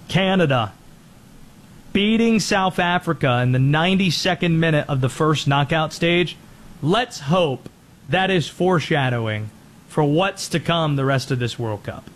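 High-voiced animated sports show man. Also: moderate pace. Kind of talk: sports commentary.

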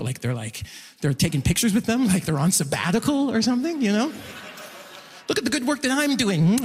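A man performing a stand-up comedy set, animated and jumping into high excited yelps when he acts things out. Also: breathy edge. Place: comedy club stage. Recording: live show in a reverberant venue.

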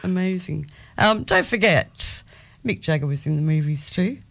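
Woman co-host with a gravelly edge to her voice, easygoing and upbeat about music, laughs along. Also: on the low side, lively intonation, normal speed. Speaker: radio co-host. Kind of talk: casual radio chat.

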